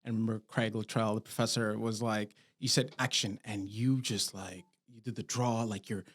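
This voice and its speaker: A man's voice: on the low side, little pitch movement, normal speed. A man in his thirties hosting a podcast, talking casually and rambling with lots of fillers and restarts. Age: 30s. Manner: rambling, full of "like" and "you know", restarts often. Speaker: podcast host. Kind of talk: casual conversation.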